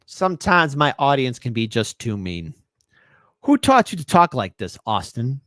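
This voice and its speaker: A man's voice: mid-range voice, sing-song, a little slow, fairly bright tone, dry recording, clean studio sound. A man hosting a political commentary stream, reacting sarcastically to clips and reading viewer comments aloud.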